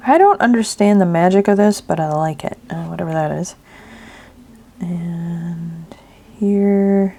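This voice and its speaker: A woman's voice: lowish voice, slow pace, warm tone. A woman hosting a craft video, chatting casually and thinking aloud as she works, often half-whispering and mumbling to herself. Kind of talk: casual narration while crafting.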